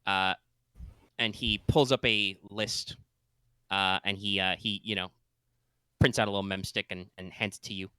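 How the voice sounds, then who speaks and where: A man running a tabletop game as game master, talking in an animated, casual way. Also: deep voice, normal speed, long pauses, clear, resonant tone, no room sound.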